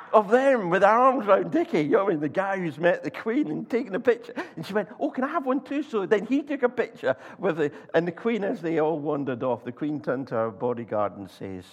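A Scottish man preaches a sermon, leaning on anecdotes. He brings the stories to life by acting out voices. His delivery is halting, full of repeated words and restarts. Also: sits high. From Scotland. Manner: animated storyteller, acts out voices, halting restarts. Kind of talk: sermon with storytelling. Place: church.

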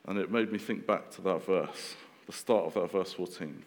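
A man in his thirties preaching a sermon in a relaxed, conversational way, with fillers and restarts. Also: low voice, moderate pace, big-room sound, slight background noise.

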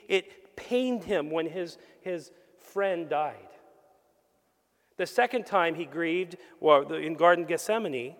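In a reverberant church sanctuary, a high-voiced pastor with a fairly bright tone preaches an earnest sermon. He poses rhetorical questions and acts out the voices he quotes.

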